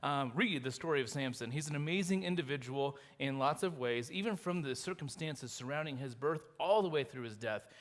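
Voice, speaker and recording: A man preaching a sermon as pastor, retelling a story in a lively, animated way with acted quotes. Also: medium pitch, a little fast, few pauses. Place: church sanctuary. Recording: long reverb of a church hall.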